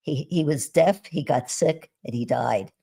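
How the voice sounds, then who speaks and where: A woman speaks in a low, slightly husky voice, recounting her experiences as a guest on a live video call. She talks in a relaxed, conversational way, often restarting her sentences and laughing softly. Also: unhurried. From United States. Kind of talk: conversational storytelling on a live stream.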